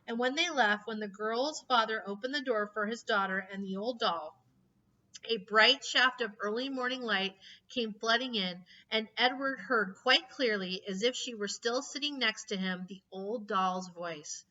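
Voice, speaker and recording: A woman reading a children's book aloud in an expressive, emotional way. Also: fairly high pitch, unhurried. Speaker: reader. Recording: slightly distant, dull lo-fi mic.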